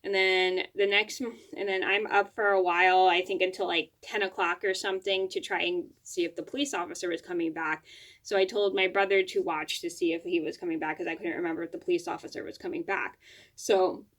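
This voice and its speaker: A woman's voice: fairly low pitch, steady tone, fairly quick, fairly bright tone. A woman vlogger telling a personal story to camera at home, rambling, with frequent restarts and fillers.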